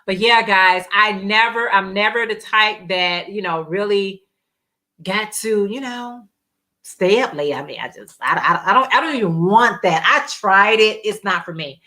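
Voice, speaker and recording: Bright-voiced woman chatting live. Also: mid-range voice, measured pace. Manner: rambling, reads viewer comments aloud and laughs often. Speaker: livestream host. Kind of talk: casual live chat.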